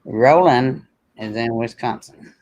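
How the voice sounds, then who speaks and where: A man's voice: mid-range voice, takes it slowly, a little mellow, highs cut off. A man from rural Florida with a Southern accent shaped by Kentucky, co-hosting a casual livestream chat and answering viewer comments in a folksy way. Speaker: co-host of a livestream.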